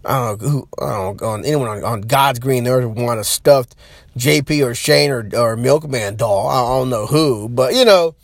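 A man's voice: medium pitch, moderate pace, no room sound. A man hosting a podcast, rambling loosely in casual chat and talking straight to his listeners. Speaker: podcast host.

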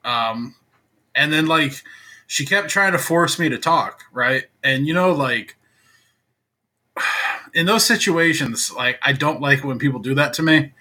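A man's voice: on the high side, a little slow, pauses often, pushed and bright. A man co-hosting a podcast, telling a long, rambling story in casual chat with many filler words. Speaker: podcast co-host.

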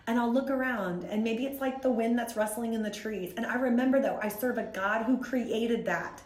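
A woman's voice: on the high side, normal speed. Woman podcast guest, 30s, earnest and chatty storyteller, recorded in an echoey room. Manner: earnest, rambling, animated storyteller. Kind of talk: faith-based podcast conversation.

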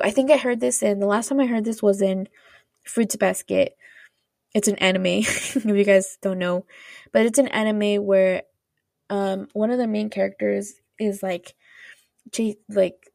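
Gravelly-voiced woman chatting casually. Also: mid-range voice, darkish tone, no room sound, clean studio sound. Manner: rambling, filler-heavy, laughs often. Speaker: podcast host. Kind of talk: casual chatty drama recap.

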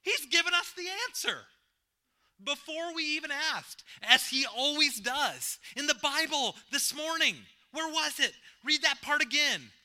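A man reading aloud as a young woman, an eager and prayerful sister who speaks excitedly and urges others on. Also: extremely high pitch, takes it slowly, voice pushed up, exaggerated voice. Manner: excited, insistent urging.

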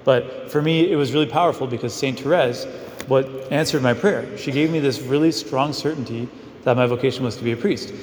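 A man's voice: medium pitch, a little fast, slight background noise. A male priest giving a casual, story-driven homily, full of fillers as he talks to the congregation. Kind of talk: conversational mission homily. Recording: echoey hall with long reverb.

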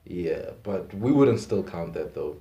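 A man in casual podcast chat, agreeable and quick to repeat short affirmations. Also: deep voice, expressive, dark tone. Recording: echoey room.

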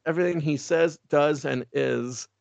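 A man co-hosting a casual podcast, recapping comics in a rambling, swearing, joking style. His voice is deeply gravelly with heavy vocal fry. The recording is dry, close, and slightly dull. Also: moderate pace, a little mellow, no room sound. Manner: rambling, frequent fillers, profane. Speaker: podcast co-host.

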